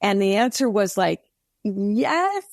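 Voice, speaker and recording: A woman guest on a podcast, telling an earnest, animated faith story with many restarts. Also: mid-range voice, moderate pace, dry recording, studio quality. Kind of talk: faith testimony in casual interview.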